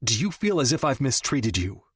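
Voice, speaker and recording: A man's voice: mid-range voice, big pitch swings, normal speed, slightly rough, no echo, clean studio sound, voice pushed up. A man voicing a wealthy man in an audiobook, blunt and exasperated, given to swearing. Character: wealthy man, frustrated then tender lover. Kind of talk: audiobook dialogue.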